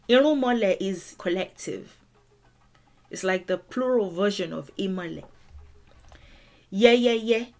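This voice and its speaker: A woman teaching a language lesson, explaining song lyrics in a deliberate, emphatic way and repeating words for stress. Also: medium pitch, darkish tone.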